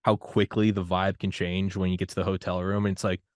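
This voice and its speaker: A man hosting a podcast, talking in a loose, rambling way that turns loud and higher when he gets worked up. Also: little pitch movement, a little fast, dry recording, clean studio sound. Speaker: podcast host. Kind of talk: casual conversation.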